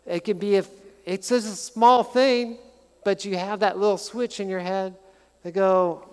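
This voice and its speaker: A middle-aged man preaching a sermon as pastor, conversational and animated, telling stories with touches of humor. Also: sits high, measured pace, smooth. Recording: long hall reverb.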